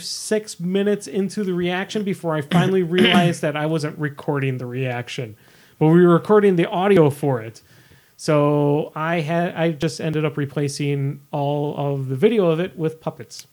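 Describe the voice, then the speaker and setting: A man's voice: fairly high pitch, unhurried, darkish tone. A man hosting a podcast in casual chat, rambling and self-deprecating, with casual swearing. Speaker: podcast host.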